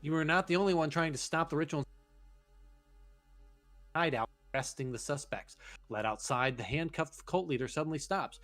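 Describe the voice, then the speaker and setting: A man's voice: mid-range voice, animated, a little fast, a bit bright. A man casually commenting on a horror game with a friend, reading its text aloud, swearing and laughing often. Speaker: let's play host.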